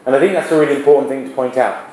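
A man's voice: mid-range voice, darkish tone, roomy sound, slight background noise, low-quality recording. A male literature teacher giving a classroom lesson, often restarting his sentences. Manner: halting, with many restarts and fillers.

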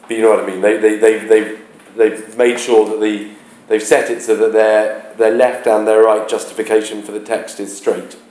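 Male teacher, lowish voice, halting delivery that searches for words, chants beats to demonstrate, echoey room. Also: flat delivery, darkish tone. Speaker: English teacher. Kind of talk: classroom explanation of a play. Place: classroom. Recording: roomy, echoey classroom.

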